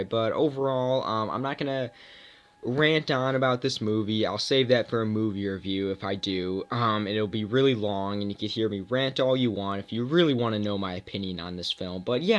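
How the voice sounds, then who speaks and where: A young man casually reviewing films, rambling with many fillers and self-mocking asides. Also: fairly low pitch. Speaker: movie reviewer.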